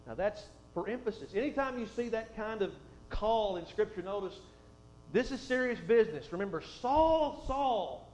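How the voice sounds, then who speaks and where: A male pastor with a high voice delivers a sermon that includes a scripture reading, speaking fairly quickly in a roomy hall. His style is folksy, full of conversational asides, and he drops his voice soft before swelling for emphasis. The recording sounds roomy and dull, with a faint hum.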